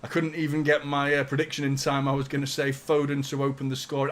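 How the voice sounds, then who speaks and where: A man's voice: medium pitch, monotone, quick pace. A young man hosting a live football watchalong, chatting casually, swearing and reading out viewer messages. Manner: chatty, swears a lot, reads out super chats. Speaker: fan channel host doing a live watchalong. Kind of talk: live match watchalong commentary.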